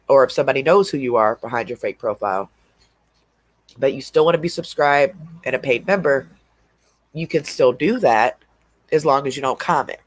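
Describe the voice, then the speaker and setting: A man hosts a casual livestream, stuffy and sniffling from allergies. He rambles in a drawl at an everyday pitch. His voice sounds close and dry, with no room around it. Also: dry recording. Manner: rambling, drawling, laughs between remarks. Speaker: livestream host.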